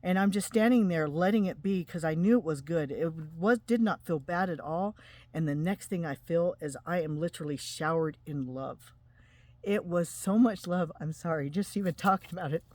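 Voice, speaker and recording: A woman in her forties from Utah, telling an emotional personal testimony to camera in an earnest, halting way. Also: on the low side, mellow, no room sound. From Utah, USA. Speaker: spiritual vlogger.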